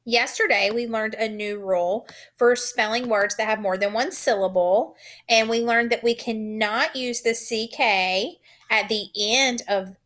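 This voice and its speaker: A woman teacher giving a recorded phonics lesson to young children, sounding out letters slowly, clearly and patiently. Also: on the high side, fairly even intonation, a bit bright.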